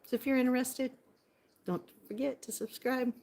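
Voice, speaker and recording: A woman's voice: sits high, fairly even intonation, moderate pace, vocal fry, a little mellow. A woman from California in a bubbly, casual live-stream chat at home, answering viewers on her phone. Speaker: vlogger. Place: home indoors by a window.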